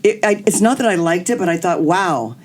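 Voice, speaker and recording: A middle-aged woman hosting a podcast in candid storytelling mode. She talks in an animated, confiding way and jumps into quoted voices as she goes. Her pitch sits in an ordinary middle range. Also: fast talker. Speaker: podcast host.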